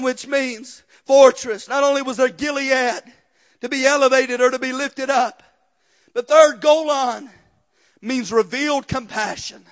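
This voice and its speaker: High-voiced preacher, lo-fi. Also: male voice. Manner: preaching with rhythmic "uh" breaths, building to shouts; quiet storytelling testimony. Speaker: pastor. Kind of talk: sermon.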